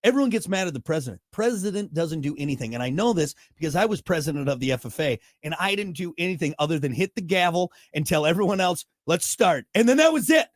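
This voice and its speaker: A man's voice: a little high, sing-song, fast, few pauses, no room sound, clean studio sound. A man hosting a morning radio show, rambling and joking in casual banter with a co-host. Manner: rambling, joking, self-mocking.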